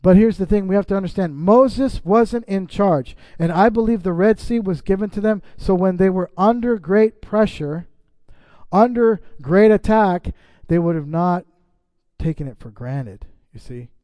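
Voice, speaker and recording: A man's voice: high voice, measured pace, dark tone, no echo. A middle-aged man preaching a sermon as pastor, reading scripture and breaking off into casual asides to the congregation.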